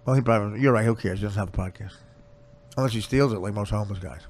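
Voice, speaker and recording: Fast-talking crude man roasting a guest. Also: fairly low pitch, a little mellow. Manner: crude, roasting, rapid-fire. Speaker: podcast host. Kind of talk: casual comedy podcast banter.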